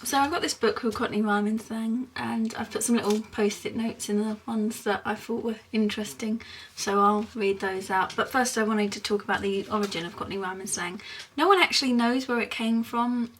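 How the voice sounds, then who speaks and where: A young woman from Essex with an Essex accent, chatting casually in a rambling vlog, giggling often and filling pauses with lots of ums. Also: a little high, fairly even intonation, distant mic, a little hiss or hum. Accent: Essex English. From England (Essex).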